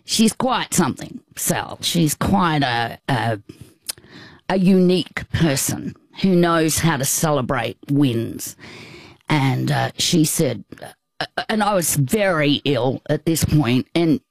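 A woman in her fifties, a guest telling a personal story in casual, halting, reflective chat. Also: low voice, expressive, no room sound.

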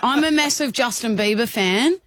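A woman's voice: fairly high pitch, lively intonation, normal speed, fairly bright tone. An Australian woman hosting a radio show, bossing her co-host and callers around in playful banter and laughing often. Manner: bossy, teasing, laughs often.

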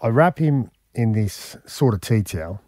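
A man's voice: on the low side, normal speed, no echo, clean studio sound. A man in his forties with an Australian accent, a radio host telling a long personal story in casual chat, full of "mate" and "man" fillers. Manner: animated, emphatic, frequent "man" and "mate" fillers.

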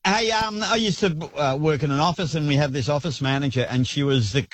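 A man calling a radio show, telling a story in halting, hesitant bursts. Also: on the high side, no echo. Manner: hesitant, full of ums. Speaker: caller.

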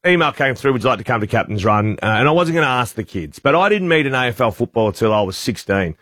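A man's voice: mid-range voice, expressive, fast, fairly bright tone, no echo, studio quality. Australian man telling a radio story. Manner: storytelling, acts out quotes. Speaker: radio breakfast host. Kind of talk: casual radio banter, anecdote. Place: radio studio. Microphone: studio mic.

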